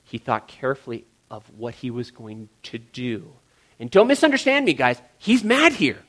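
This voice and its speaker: A man's voice: mid-range voice, wildly swooping pitch, moderate pace, fairly bright tone. A male pastor and parent giving a sermon in a joking, conversational way, often calling his listeners guys.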